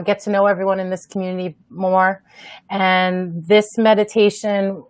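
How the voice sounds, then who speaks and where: A woman with a New York accent, a guest on a casual podcast chat, bubbly and quick to laugh. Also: fairly low pitch, no echo.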